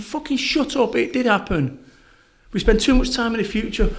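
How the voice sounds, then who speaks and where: A middle-aged man with a Northern English accent, a podcast guest telling stories in a blunt, swearing, animated way. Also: sits high, fairly quick. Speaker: podcast guest, motivational speaker. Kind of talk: casual conversational interview.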